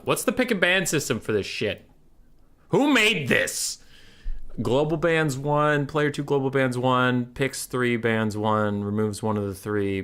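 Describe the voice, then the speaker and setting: A man streaming a strategy game, chatting casually and brashly with his viewers, swearing freely and reacting out loud. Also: medium pitch. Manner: brash, swearing, animated, talks to chat. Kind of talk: casual gaming stream chat.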